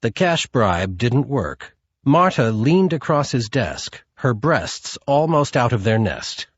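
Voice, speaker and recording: A male audiobook narrator reads at an unhurried pace, his pitch moving freely. His husky voice sits dry and close in a dull, lo-fi recording. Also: big pitch swings, dry recording. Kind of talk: scripted narration.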